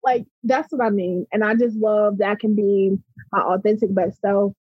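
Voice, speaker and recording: A woman's voice: mid-range voice, fairly even intonation, moderate pace, husky, no echo, muffled recording. A middle-aged woman with a Baltimore accent, speaking passionately as an interview guest and often checking in with "right?". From Baltimore, USA. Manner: passionate, emphatic, repeats "right?". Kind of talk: conversational interview.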